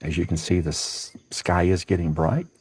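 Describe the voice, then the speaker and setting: A man's voice: sits low, steady tone, normal speed, a little mellow, breathy edge, no room sound, low-quality recording. A man with a Southern US accent hosting a casual livestream from a porch at dawn, chatting and greeting viewers by name. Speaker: livestream host.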